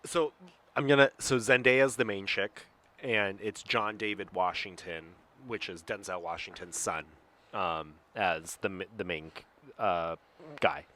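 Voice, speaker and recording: A man's voice: sits low, a little slow, bright, forceful tone. A man co-hosting a casual podcast at home, speaking frankly and profanely while retelling movie scenes with dramatic quotes. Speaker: podcast co-host. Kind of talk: casual chat.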